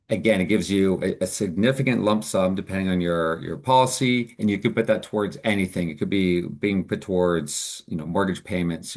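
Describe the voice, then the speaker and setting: A man presenting as a financial advisor in a webinar, explaining options in an earnest, upbeat way. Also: low-pitched.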